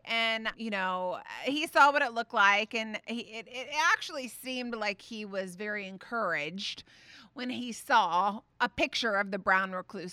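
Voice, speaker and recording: A woman in her thirties hosts a faith talk, telling a story with lively, rambling energy. Her voice sits a touch high and comes through smooth and bright. The sound is close and dry. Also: dry recording. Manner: chatty, animated, many fillers. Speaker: podcast host.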